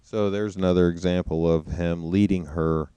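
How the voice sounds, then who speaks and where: A man's voice: deep voice, steady tone, moderate pace, dark tone, clean tone, no room sound. A man giving casual spoken commentary over replayed clips, musing and now and then mocking what he hears. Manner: conversational, musing, mocking imitations. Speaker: commentator reacting to trial footage.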